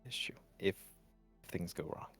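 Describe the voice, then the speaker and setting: A man's voice: measured pace, whispered, music in the background. A man in a tabletop role-playing game, speaking in character in a hesitant way, often stammering and trailing off.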